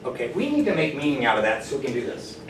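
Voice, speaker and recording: A man teaching a math class, lively and encouraging, often asking the students questions. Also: medium pitch, rapid-fire. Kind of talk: classroom lecture. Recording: roomy classroom from far off, faint noise.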